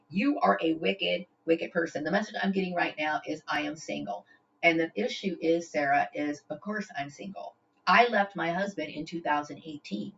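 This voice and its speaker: A woman's voice: on the low side, fairly bright tone. A woman ranting straight to camera, confrontational, repeating "okay?" and stammering as she restarts her sentences. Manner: stammers and restarts when upset. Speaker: vlogger. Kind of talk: direct-to-camera rant. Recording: dull lo-fi home recording.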